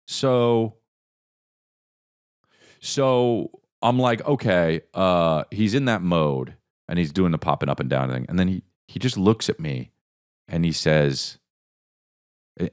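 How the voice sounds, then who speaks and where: A man hosting a podcast who tells a story in a casual, animated, profane way and acts out the voices of the people in it. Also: sits low, clear, resonant tone. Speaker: podcast host.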